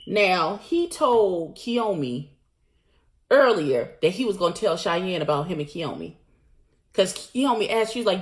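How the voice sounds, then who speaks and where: Woman vlogger, slightly low voice; blunt, slangy, animated recap delivery. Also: a little slow. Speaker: vlogger recapping a reality show. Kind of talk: casual recap monologue.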